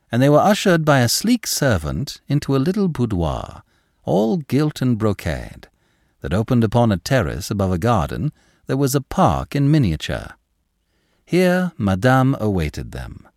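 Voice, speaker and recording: A male narrator reading a classic novel aloud, measured and expressive. His voice sits low and moves through a lively range of pitch. The recording is dry and close, with no room sound. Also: no echo. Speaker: audiobook narrator.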